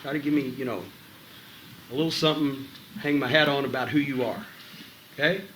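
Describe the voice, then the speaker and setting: A man's voice: mid-range voice, fairly even intonation, brisk, very noisy. A middle-aged man coaching wrestlers in a gym, blunt and profane, mixing advice with wry stories. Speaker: wrestling trainer giving a seminar.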